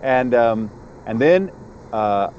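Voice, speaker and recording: A man, a guest editor and sound designer, telling a lively anecdote in a casual interview and acting out the people in it. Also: mid-range voice, slow pace, muffled recording, slight background noise. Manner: animated anecdote-teller who acts out the people in his stories.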